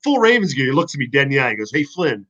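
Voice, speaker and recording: A man, a former football player, telling stories in a casual podcast chat, animated and profane. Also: mid-range voice, rapid-fire, lo-fi sound.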